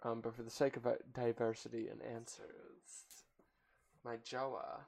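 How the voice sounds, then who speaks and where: A man in casual chat during a word-guessing game, animated and joking, swearing freely. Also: mid-range voice, moderate pace, gravelly.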